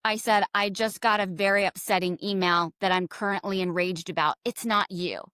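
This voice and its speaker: A middle-aged American woman who works as a leadership coach is a guest on a podcast interview, telling stories in an animated way and acting out the quoted dialogue. Her mid-range voice is smooth and fairly quick, captured in a clean studio recording with no room sound.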